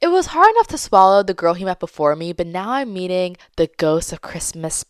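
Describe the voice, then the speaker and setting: A woman's voice: fairly low pitch, very animated, a little fast, smooth, no room sound, clean studio sound. Chatty young woman telling a story. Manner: chatty, dramatic, acts out quoted lines. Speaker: podcast host. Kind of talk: casual storytime monologue.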